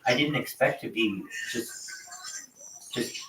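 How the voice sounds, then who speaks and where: A man's voice: medium pitch, slow pace, a bit bright, far from the mic. A man chats casually on a livestream, swearing freely and wandering between thoughts with plenty of fillers. He sits back from the mic in an echoey room with a faint hiss of background noise. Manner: loose and profane, lots of fillers. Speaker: livestream host. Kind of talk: casual rambling chat.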